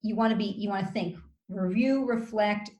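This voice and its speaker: A woman working as a communication coach gives advice in an interview, in a measured, instructive way. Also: mid-range voice. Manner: measured, instructive, acts out calm example phrases. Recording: roomy echo.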